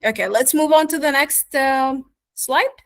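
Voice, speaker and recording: A woman whose first language is Arabic teaches an online pronunciation lesson in a somewhat high voice. She talks very slowly, full of fillers, often pausing to check in with "yeah?" or "okay?". The recording is dry and close, with no room sound. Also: no room sound. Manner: slow, many fillers, asks "yeah?" and "okay?" after points. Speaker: accent teacher.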